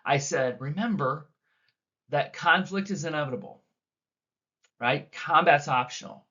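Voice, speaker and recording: A man leading a teacher training session, talking to an audience of teachers and acting out quoted dialogue with big swings in pitch and loudness. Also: creaky. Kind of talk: recorded teacher training talk. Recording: dull lo-fi recording.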